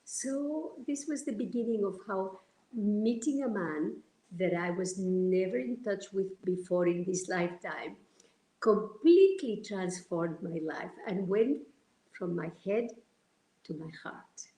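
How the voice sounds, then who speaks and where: A woman from Argentina, sharing personal stories as a guest in a heartfelt, animated way. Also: medium pitch, takes it slowly. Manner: heartfelt, animated, many restarts. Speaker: interview guest. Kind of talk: personal storytelling. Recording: roomy echo.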